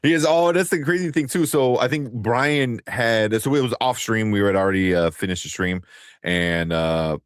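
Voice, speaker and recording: A man in his thirties co-hosting a casual movie news stream, telling family stories and acting out quotes in a high voice. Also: normal speed, smooth, dry recording, studio quality. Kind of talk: casual chat.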